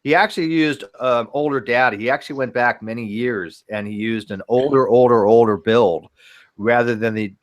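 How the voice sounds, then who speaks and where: A man hosting a casual podcast chat, talking in animated bursts with frequent restarts and casual swearing. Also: mid-range voice, moderate pace. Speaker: host.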